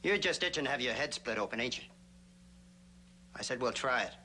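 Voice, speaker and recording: An actor playing a short-tempered male outlaw leader who barks orders in a gruff voice, in an old TV western. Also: mid-range voice, animated, brisk, sharp tone, slight background noise. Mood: threatening. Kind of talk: 1960s TV western acting.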